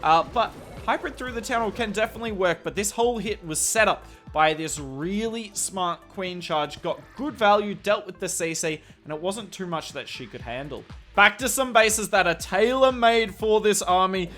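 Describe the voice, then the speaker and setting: A man's voice: sits high, moderate pace, fairly bright tone, faint music behind. A young man with an Australian accent commentating a game replay in a chatty, candid way with self-deprecating asides. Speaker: strategy video commentator.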